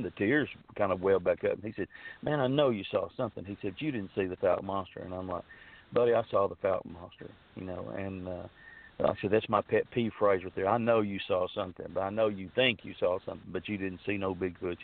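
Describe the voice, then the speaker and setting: Earnest rambling man on a phone line. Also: fairly low pitch. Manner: rambling, earnest, many restarts and fillers. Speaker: guest telling his story. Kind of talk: casual storytelling.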